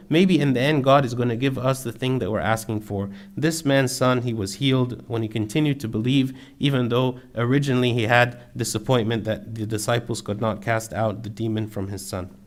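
A man preaching a sermon in an earnest, steady way, building emphasis through repetition. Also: mid-range voice.

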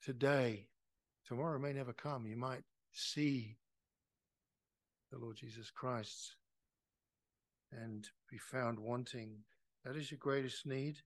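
A man preaching a sermon in church. He is impassioned, asks rhetorical questions and builds to loud, emphatic peaks. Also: mid-range voice, fairly even intonation, takes it slowly, long pauses. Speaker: pastor.

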